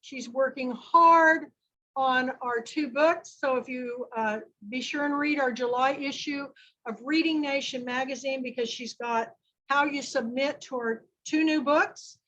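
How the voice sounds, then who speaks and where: High-voiced chatty woman hosting a book club. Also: a little slow, sharp tone, lo-fi sound. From Kansas. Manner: chatty, rambling, announcing. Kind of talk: casual online book club chat.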